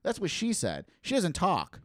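A man's voice: high-pitched, normal speed, no room sound, studio quality. A man, telling profane stories in casual podcast chat and acting out the people in them. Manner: profane, animated, acts out voices of people in his stories. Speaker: podcast co-host.

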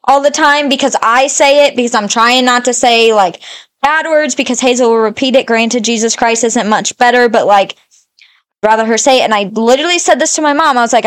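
Smooth-voiced young woman telling stories. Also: on the high side, no echo, studio quality. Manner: animated storyteller, swears casually. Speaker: podcast co-host. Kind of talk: casual chat.

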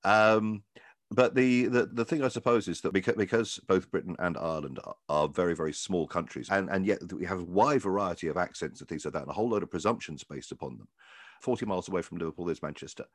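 A man's voice: sits low, fast talker, no room sound, studio quality. A man hosting an interview, asking thoughtful, long winding questions with restarts. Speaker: interview host. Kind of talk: casual interview chat.

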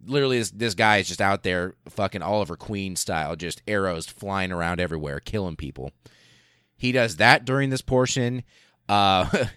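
Low-voiced man, podcast host, profane casual storytelling, dry close mic. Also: dry recording. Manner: profane, animated, laughs while telling.

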